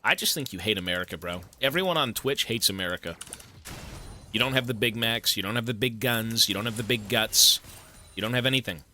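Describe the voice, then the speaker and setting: A man's voice: on the low side, fairly quick, bright, forceful tone, slight background noise. A man from Canada streaming a game, chatting casually in a rambling, profane, joking way. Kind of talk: casual chat while gaming.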